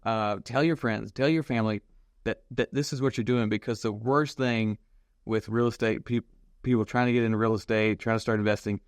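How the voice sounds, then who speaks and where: A man's voice: fairly low pitch, steady tone, brisk, smooth, no room sound, clean studio sound. A man hosting a podcast, reacting to his guest and then giving enthusiastic, emphatic encouragement to listeners. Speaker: podcast host. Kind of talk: casual interview talk.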